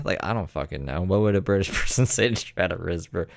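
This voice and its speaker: A man's voice: sits low, brisk, creaky, few pauses, no echo. A man reading chat aloud and tossing in crude, teasing side comments. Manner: teasing, crude, wandering musings.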